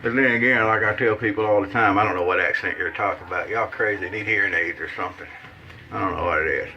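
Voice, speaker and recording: Here a shaving vlogger from Mississippi jokes and rambles in a folksy Southern accent during a casual shave demo. He speaks fast in a lowish voice that sounds pushed and bright. The audio is dull, with a slight hiss or hum.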